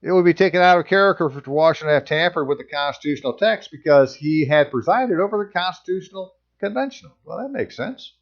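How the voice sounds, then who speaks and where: A man's voice: fairly high pitch, lively intonation, fast, few pauses, lo-fi sound. A man reading passages aloud and commenting on them in casual, sarcastic asides as a channel host.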